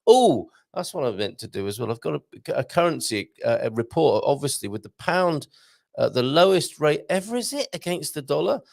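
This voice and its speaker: A man's voice: a little high, sing-song, brisk, gravelly, darkish tone, no echo, studio quality. A man hosting a live show in a casual, jokey way, reading out viewer comments and adding chatty asides. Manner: chatty, jokey, reads messages aloud with asides.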